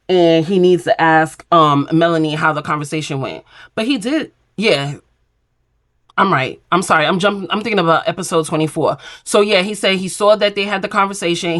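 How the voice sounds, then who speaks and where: A woman's voice: fairly low pitch, a bit bright. A woman recapping a reality show in casual chat, blunt and opinionated, acting out what the cast said. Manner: blunt, sassy, opinionated, acts out quotes.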